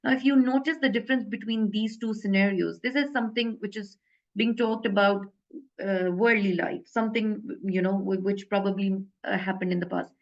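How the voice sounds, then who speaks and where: Woman, grammar teacher, casual and hesitant delivery, mid pitch, slightly muffled recording. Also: steady tone, moderate pace. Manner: hesitant, many fillers and self-corrections. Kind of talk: casual online lesson explaining grammar.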